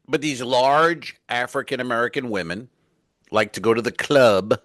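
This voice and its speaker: A man's voice: mid-range voice, moderate pace, fairly bright tone, no echo. A middle-aged man, a stand-up comedian co-hosting a podcast, telling rambling, profane stories and acting out the people in them. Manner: rambling, profane storyteller who acts out quotes. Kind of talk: casual comedic chat. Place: cruise ship cabin.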